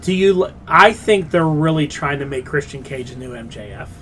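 A fairly high-voiced man hosts a casual wrestling podcast. He talks bluntly, swears freely and mocks what he watched. A faint rumble hums under the recording. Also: lively intonation, normal speed, a bit bright. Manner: blunt, profane, sarcastic. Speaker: podcast host.

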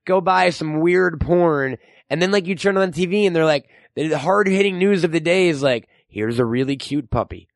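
A man hosting a casual chat, excitable and swearing heavily. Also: high voice, normal speed, creaky, few pauses, no echo, clean studio sound. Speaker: host.

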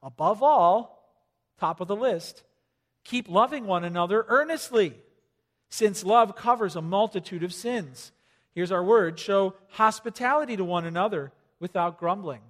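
High-voiced male preacher in a reverberant hall. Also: moderate pace. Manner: conversational, joking, rising to loud emphasis. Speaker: pastor. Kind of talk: sermon.

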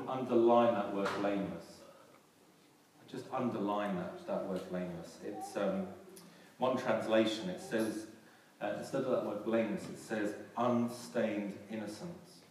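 A man's voice: on the low side, darkish tone. A male pastor preaching a sermon in a large church hall, earnestly restarting and repeating phrases and rising for emphasis. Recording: echoey hall from far off, faint noise.

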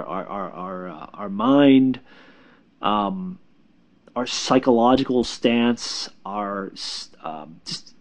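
A man who works as a spiritual healer, giving casual spiritual advice in a reassuring, halting way, with repeated words and fillers. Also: mid-range voice, a little mellow, dull audio.

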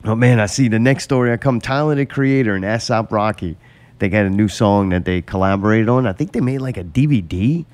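A man's voice: lowish voice, a little fast, darkish tone. A man hosting a casual podcast, telling stories with plenty of swearing and laughter. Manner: profane, laughing storyteller. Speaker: podcast host. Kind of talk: casual chat.

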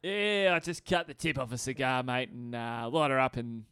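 A man's voice: medium pitch, lively intonation, normal speed, fairly bright tone, clean tone, no room sound, clean studio sound. A young man co-hosting a podcast, talking casually, swearing, laughing and telling stories, with "mate" in every other sentence. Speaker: podcast co-host. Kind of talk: casual chat.

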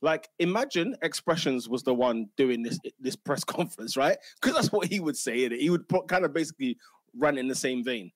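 Excitable man. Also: medium pitch, brisk, dry recording. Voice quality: bantering and excitable, full of slang. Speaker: podcast host. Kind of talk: casual football chat.

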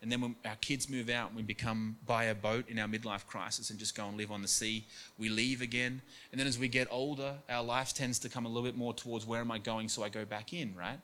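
An earnest man preaches a sermon at an everyday mid pitch. He acts out quoted voices as he goes and repeats words for emphasis. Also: steady tone, quick pace, pushed and bright, slight background noise. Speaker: pastor.

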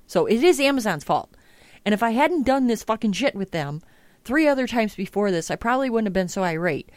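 A woman's voice: on the high side, lively intonation, brisk, darkish tone, no echo. Profane ranting woman podcast host. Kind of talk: casual chat.

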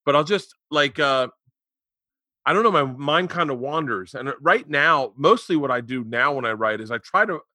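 Casting: male comedian podcast host, bright ringing voice, rambling storyteller, close dry mic. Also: mid-range voice, normal speed, dry recording. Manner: rambling storyteller, animated when retelling stories. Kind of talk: casual remote chat. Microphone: remote call.

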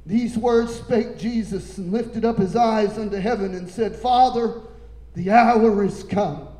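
Male preacher, high voice, slow deliberate delivery, impassioned sermon in an echoey room. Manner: impassioned, building to shouting.

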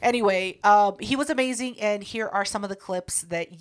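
A woman's voice: medium pitch, normal speed, hardly any pauses. A young woman hosting a podcast in playful, teasing, profane banter. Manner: playful, teasing, swears freely. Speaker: podcast host.

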